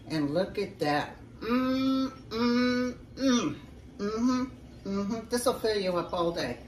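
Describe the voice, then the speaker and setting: Woman home cook for a casual cooking vlog, folksy and chatty with viewers, recorded off-mic in an echoey kitchen with faint noise. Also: mid-range voice. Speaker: home cook showing a recipe. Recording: roomy sound from a distance.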